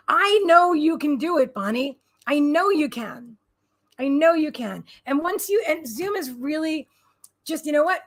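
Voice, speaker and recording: A woman's voice: high-pitched, gravelly. A woman hosting a casual livestream from home, rambling and bubbly as she answers viewers' comments aloud. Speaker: livestream host and psychic reader.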